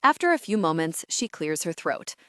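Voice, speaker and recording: Woman narrator, first-person audiobook, wry and expressive, slightly low voice, dry close mic. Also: moderate pace, no echo.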